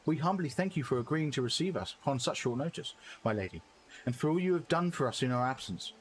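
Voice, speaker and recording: A man's voice: mid-range voice, lively intonation, quick pace, slight background noise, close to an everyday voice. A man voicing an earnest young male scholar, speaking in formal, archaic phrasing.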